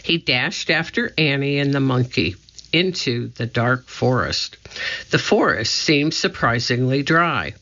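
A narrator reading a children's chapter book aloud in a steady, clear storytelling manner. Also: medium pitch, a little slow, dull audio. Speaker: audiobook narrator.

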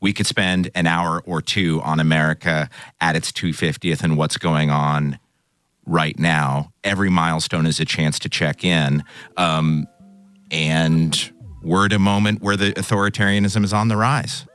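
A man co-hosting a public radio talk show, asking questions in a relaxed, conversational way. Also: low voice, unhurried, clean tone, no echo.

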